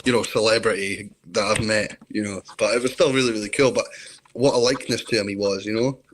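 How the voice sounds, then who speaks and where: A man's voice: lowish voice, fairly even intonation, fast, a little hiss or hum. A Scottish man from Scotland, chatting as an interview guest on a video call, telling rambling stories. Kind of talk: casual chat.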